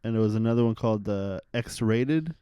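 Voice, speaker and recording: A man hosting a casual podcast, reacting with quick interjections and prompting his guest. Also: lowish voice, mellow, clean tone, dry recording, clean studio sound. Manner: reactive, laughs along, prompts questions.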